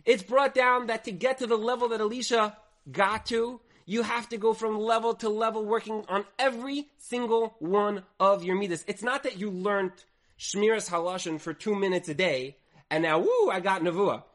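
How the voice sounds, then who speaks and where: A man teaches a Torah lesson in a fairly high voice. He tells the story with drama, acting out the quoted lines, and his volume rises and falls as he goes. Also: moderate pace. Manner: dramatic storyteller, acts out quoted speech with swings in loudness.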